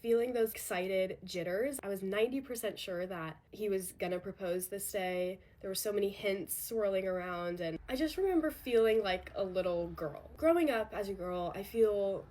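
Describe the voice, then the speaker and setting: A woman's voice: medium pitch, moderate pace, few pauses, a little mellow. A woman in her twenties telling a personal story in a rambling, reflective, candid way. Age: 20s.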